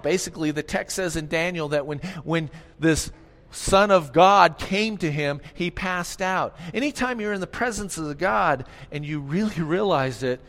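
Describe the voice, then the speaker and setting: Male pastor, animated sermon, high voice, long hall reverb. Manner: animated, asks the congregation questions.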